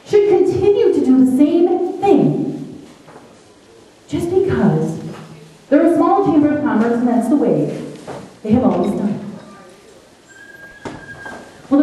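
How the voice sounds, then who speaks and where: Lively woman speaking in an echoey hall. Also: high-pitched. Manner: playful, animated storytelling. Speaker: chamber of commerce speaker. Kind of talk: presentation to an audience. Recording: echoey room, mic far off.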